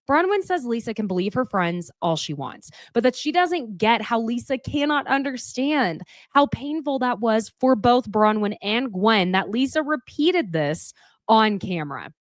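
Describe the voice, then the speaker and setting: A woman giving a casual, opinionated recap of a reality show, candid and quick to swear. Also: a little high, expressive, dry recording.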